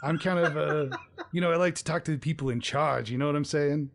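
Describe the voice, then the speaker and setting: A man's voice: a little high, fairly quick, creaky, a little hiss or hum. A man voicing a portly, balding male politician who talks like a laid-back surfer bro. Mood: startled, dismissive.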